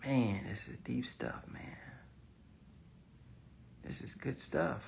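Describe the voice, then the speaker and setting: An online business coach talks casually to camera in a motivational vlog, reflective and emphatic, sometimes dropping almost to a whisper. His voice is medium-pitched, slow and creaky.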